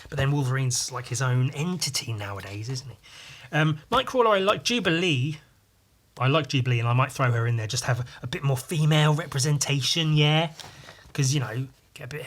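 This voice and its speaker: A man's voice: mid-range voice, a bit bright. A man hosting a podcast, talking in a casual, rambling monologue that is full of swearing and asides. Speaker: podcast host.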